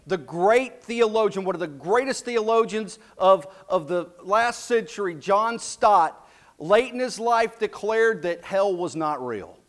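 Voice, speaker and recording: A man preaching a sermon as pastor, slow and emphatic, dropping his voice low and soft for key lines. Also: expressive. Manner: slow, emphatic preaching with dramatic drops to a hush.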